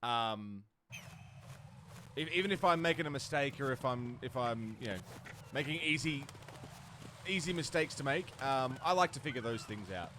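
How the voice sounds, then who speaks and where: A man's voice: mid-range voice, lively intonation, moderate pace, pauses often, sharp tone, a little hiss or hum. A man streaming a game live, chatting casually with viewers and poking fun at himself. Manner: chatty, talks to chat, self-deprecating. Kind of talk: live gameplay commentary.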